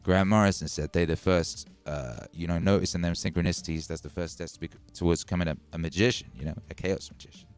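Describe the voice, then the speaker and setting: A man from Wales with a Midlands accent touched by Welsh, hosting a casual livestream, animated and swearing freely, repeating lines for emphasis. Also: sits low, fast talker, few pauses, smooth, faint music behind. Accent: English Midlands with a Welsh tinge. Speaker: music producer hosting a livestream.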